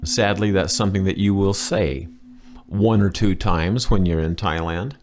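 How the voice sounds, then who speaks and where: A man teaching a language lesson in a chatty, enthusiastic way, explaining slowly and repeating key words. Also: sits low. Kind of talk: casual spoken lesson.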